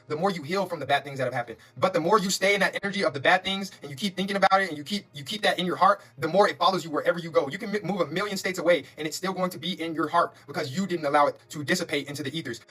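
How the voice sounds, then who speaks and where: A man doing a live-streamed tarot reading, talking in quick, repetitive, emphatic bursts with preacher-like spiritual affirmations. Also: on the high side. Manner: fast, repetitive, emphatic and excitable. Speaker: tarot reader.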